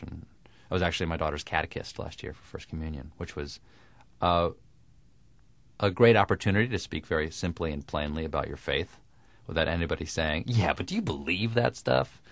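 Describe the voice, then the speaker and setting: A man with crisp, precise diction, talking in a dry, self-mocking way as a guest in a radio interview. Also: a bass voice, dry recording. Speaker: guest comedian.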